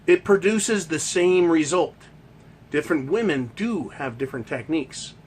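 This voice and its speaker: Male host, high-pitched voice, swearing constantly and firing rhetorical questions in a heckling rant. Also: lively intonation, normal speed, breathy edge. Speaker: podcast host. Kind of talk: ranting monologue.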